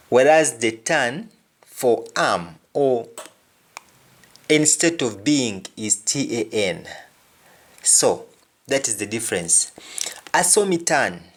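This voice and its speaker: A man teaching a language lesson, speaking deliberately and repeating each example phrase. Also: medium pitch, breathy edge.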